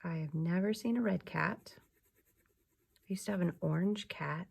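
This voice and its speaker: A young woman teaching a remote class for young children, slow, soft and patient, often dropping to a whisper. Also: on the low side, creaky, slightly rough.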